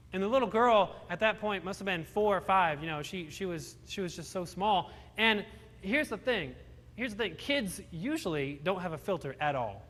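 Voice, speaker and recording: A young man in his twenties from Virginia tells a personal story to an audience, earnest and animated. His voice sits high and sounds bright and forceful. It rings out with the long reverb of a large hall. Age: 20s.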